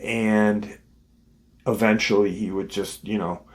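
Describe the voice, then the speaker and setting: A man's voice: fairly low pitch, fairly even intonation, takes it slowly. A man hosting his show, casually retelling a witness's story in a conversational way. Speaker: host.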